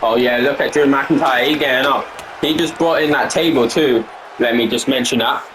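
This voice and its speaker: A man giving excited play-by-play wrestling commentary, repeating phrases and exclamations as the action unfolds. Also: mid-range voice, moderate pace, roomy sound, a little hiss or hum, rough recording. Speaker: fan commentator.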